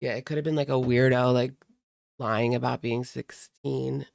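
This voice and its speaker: Gravelly-voiced chatty man. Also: medium pitch, steady tone, normal speed, dry recording, clean studio sound. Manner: chatty, frequent "like" fillers, laughs often. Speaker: livestream commentary host. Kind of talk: casual chat reading viewer comments.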